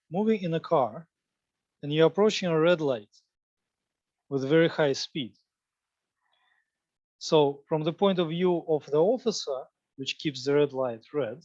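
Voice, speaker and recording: A man with a fairly high voice gives a popular physics lecture, working through each idea step by step and rephrasing as he goes. The sound is dry, with no room echo, and slightly dull and lo-fi. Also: a little mellow.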